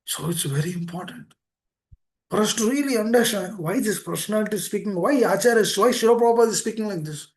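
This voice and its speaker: A man giving a devotional talk to devotees, earnest and pleading, repeating phrases as his voice swings between soft and emphatic. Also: sits high, quick pace. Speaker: speaker at a temple meeting. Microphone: online meeting room.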